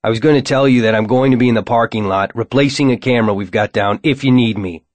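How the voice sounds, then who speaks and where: Man playing a gruff, threatening mall guard, pushed-up pitch, barked lines, close dry audiobook sound. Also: fast talker, no room sound, close to an everyday voice. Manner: suspicious, threatening. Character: gruff squat middle-aged mall security guard.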